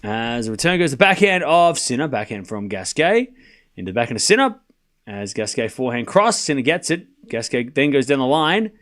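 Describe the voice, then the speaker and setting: A man's voice: mid-range voice, sing-song, brisk, fairly bright tone. A man streaming a live tennis watchalong, mixing casual play-by-play with teasing replies to his chat. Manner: chatty, teasing, talks straight to his chat.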